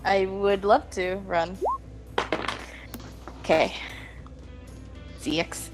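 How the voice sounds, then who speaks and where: A woman's voice: mid-range voice, steady tone, drawn-out words, over music. A woman playing a tabletop game, reacting with giggles and short remarks. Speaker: player. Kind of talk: casual tabletop game chat.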